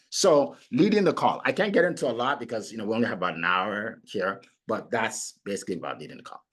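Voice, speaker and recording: A middle-aged man coaching on sales, talking in an animated way and acting out his prospects. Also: fairly low pitch, fast talker, few pauses, slightly rough. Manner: animated, acts out clients and prospects in quoted voices. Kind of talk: motivational sales talk.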